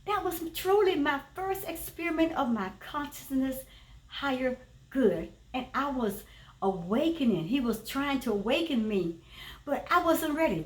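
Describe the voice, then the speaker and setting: Earnest high-voiced woman, echoey room. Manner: earnest, repetitive, emphatic phrasing. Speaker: teacher and former preacher. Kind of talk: personal spiritual testimony. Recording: roomy echo, voice from a distance.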